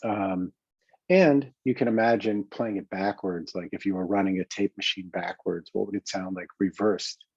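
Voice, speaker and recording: Calm low-voiced man coaching. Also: normal speed, creaky, slightly rough, dry recording, muffled recording. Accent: New York. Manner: calm, reflective, with frequent fillers and restarts. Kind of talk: self-help teaching talk.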